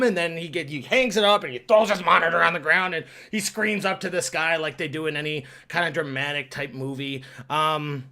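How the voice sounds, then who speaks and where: A young man giving a casual, rambling movie review, excitable and quick to swear. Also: fairly high pitch.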